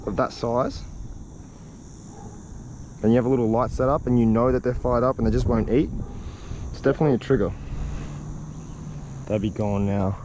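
A man narrating his own fishing trip in a casual vlog, excitable and swearing when the fish won't bite. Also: medium pitch, noisy background. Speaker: fishing vlogger. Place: outdoors on the water.

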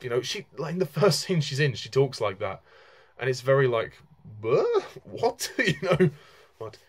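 A man's voice: mid-range voice, very animated, normal speed, slightly rough. A young man talking casually through a film review, frank and rambling, with lots of fillers and restarts.

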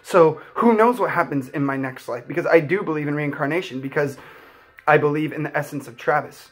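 A man's voice: a little high, brisk, slightly rough. A young man vlogging, telling a personal story in an earnest, heartfelt, rambling way full of "like" fillers. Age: young adult.

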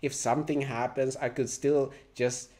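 A man's voice: medium pitch, little pitch movement, moderate pace, darkish tone. A man hosting a reaction video, joking loosely and laughing as he comments.

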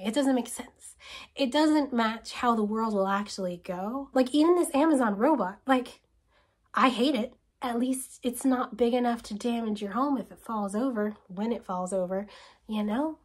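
A woman host talking to camera in a casual, animated and sarcastic way, firing off rhetorical questions and sometimes dropping to a whisper. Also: a little high, moderate pace, breathy edge. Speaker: video essayist host. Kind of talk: casual spoken commentary.

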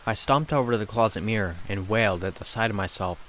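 Low-voiced man narrating a horror story. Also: quick pace, slight background noise. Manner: steady, dramatic storytelling.

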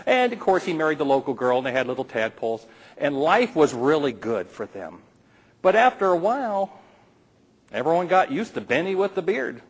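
Husky man telling a tall tale. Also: fairly high pitch, very animated, normal speed, low-quality recording. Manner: playful, teasing asides to the listeners. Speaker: storyteller. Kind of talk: live storytelling to an audience.

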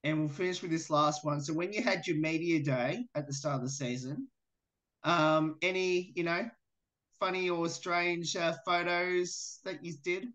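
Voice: mid-range voice, steady tone, measured pace, a bit bright. A radio interviewer asking athletes questions in a friendly way over a video call. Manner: friendly, laughs between questions.

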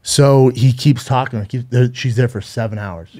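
A podcast co-host with a mellow, medium-pitched voice and moderate pace tells a true-crime story in casual chat. His storytelling rambles, turns profane, and keeps restarting.

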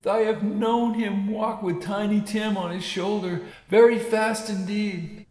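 A man voicing a gentle, grieving mother in a storybook reading, speaking softly and tenderly. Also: sits high, fairly even intonation, measured pace, echoey room, big-room sound, pitched above the performer's own voice, poor audio. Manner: soft, tender, sorrowful. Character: grieving gentle mother, middle-aged woman.

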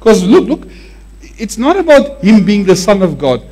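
A man preaching a sermon with animated emphasis, often repeating words to drive a point home. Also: high voice, moderate pace.

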